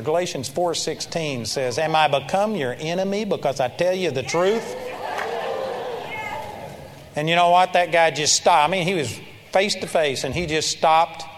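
An older man preaching a sermon, telling stories with animated energy and shouting praise in his retellings. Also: a little high. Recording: long reverb of a large hall.

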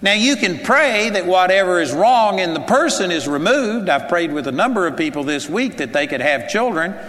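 A man's voice: high voice, expressive, moderate pace, a bit bright. A man preaching a sermon in an earnest, conversational way, asking his listeners rhetorical questions. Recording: long hall reverb.

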